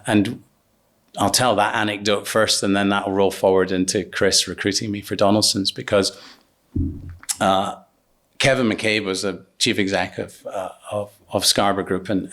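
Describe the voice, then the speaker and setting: A man's voice: lowish voice, fairly bright tone. A middle-aged man telling a career anecdote as an interview guest, hesitant with many ums and restarts. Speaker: business partner guest.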